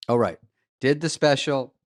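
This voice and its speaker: A man co-hosts a casual podcast at an ordinary pitch, telling self-mocking stories in a dry, wry manner. The recording is dry and close, with no room sound. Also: normal speed, no room sound. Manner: dry, self-mocking storytelling with acted-out quotes. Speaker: podcast co-host. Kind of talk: casual chat.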